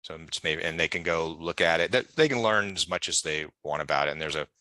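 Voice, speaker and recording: Quick and deep-voiced, with a pushed, bright sound, a man gives animated interview storytelling in a dry recording. His long, casual tales are chatty and digressive, and he performs the voices of the people he quotes.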